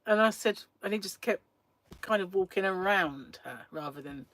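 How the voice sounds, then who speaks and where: A woman's voice: medium pitch, animated, normal speed, fairly bright tone, no room sound. A woman, hosting a casual live stream, telling a chatty story and laughing often. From England. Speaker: crochet livestream host.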